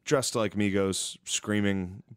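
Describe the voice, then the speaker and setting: A man co-hosting a casual podcast, telling crude jokes and stories and breaking into squeaky impressions. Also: steady tone, slow, clear, resonant tone, no room sound, clean studio sound. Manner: crude, joking storyteller who mimics people in high squeaky voices. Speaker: podcast co-host.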